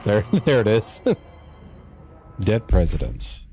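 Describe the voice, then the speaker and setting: Low mellow male streamer chatting. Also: expressive, slow pace, faint music behind. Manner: chatty, reads game letters aloud, greets chat. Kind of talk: casual live-stream commentary.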